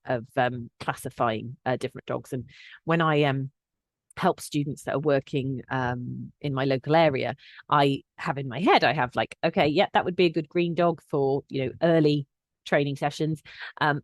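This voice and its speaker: A woman's voice: deep voice, no echo. A woman with a chatty teaching manner, hosting a dog-training podcast and giving advice with plenty of fillers and restarts. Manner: chatty, with frequent fillers and restarts, lively when acting out quotes. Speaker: collie behaviour specialist and podcast host. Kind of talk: casual instructional podcast talk.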